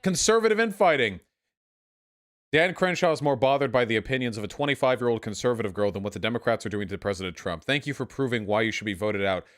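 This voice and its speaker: A young man hosting a livestream, reacting to chat with sarcastic, animated commentary full of swearing. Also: lowish voice, quick pace, hardly any pauses, soft background music. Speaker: livestream host.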